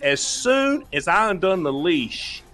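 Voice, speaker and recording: Animated bright-voiced man telling a story. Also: high-pitched, slow. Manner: lively, laughing, acts out voices in his story.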